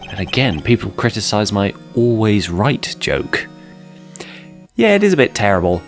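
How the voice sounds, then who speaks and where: A man commentating on a game he plays, chatty and self-deprecating with joking asides. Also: fairly low pitch. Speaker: let's play host.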